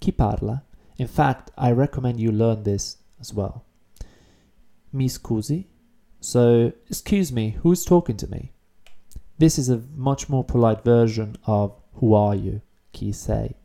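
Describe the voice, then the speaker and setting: A man teaching a beginner language lesson online, explaining phrases patiently and repeating key words slowly. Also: mid-range voice, vocal fry, warm tone.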